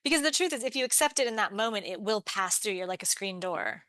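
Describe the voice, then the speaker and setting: A woman's voice: mid-range voice, animated, fast, fairly bright tone, no echo. A woman guest author in casual chat, telling personal stories openly.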